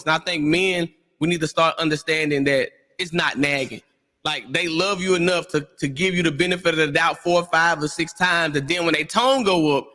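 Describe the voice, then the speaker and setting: A man on a discussion panel, talking in an animated way and acting out voices in his stories. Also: fairly high pitch, normal speed, in a large hall. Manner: animated storyteller, acts out quotes.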